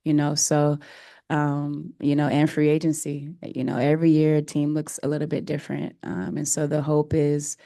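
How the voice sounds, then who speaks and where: Woman, head coach, low voice, flat delivery, earnest, halting, dry sound. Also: gravelly, no echo. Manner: earnest, emotional, halting with fillers. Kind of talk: press conference answers. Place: press room.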